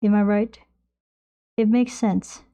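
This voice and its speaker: Speaking slowly with fairly even intonation, a young woman with a medium-pitched, dark, clear, and resonant voice chats while she paints on stream. Into a desk mic close by, she reads her chat out loud, rambles, and jokes at her own expense.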